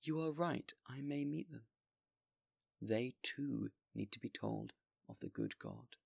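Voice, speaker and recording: A man voicing a gentle, resolute old bishop who speaks with mild, patient firmness. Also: medium pitch, huge pitch swings, slow, creaky, dry recording, clean studio sound, voice pushed up, heavily acted. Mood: calm resolute.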